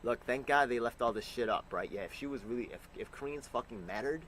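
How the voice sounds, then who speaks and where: A man angrily reacting to a news clip, ranting and swearing with sudden loud bursts. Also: medium pitch, quick pace, slight background noise, low-quality recording. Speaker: commentator reacting to news clips. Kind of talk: profane reaction commentary.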